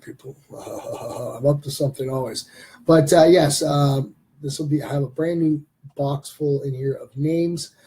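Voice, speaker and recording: Husky mellow-voiced man hosting a live stream. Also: fairly high pitch. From Canada. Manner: rambling with many fillers. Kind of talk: casual live stream chat.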